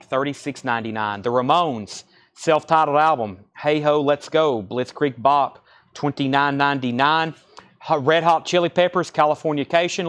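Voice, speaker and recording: A man hosting a live record sale, chatting informally and rattling off buyer names, album titles and prices in quick succession. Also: on the high side, a bit bright. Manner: chatty and informal between listings. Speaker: record store host running a live sale. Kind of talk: live-stream sales patter.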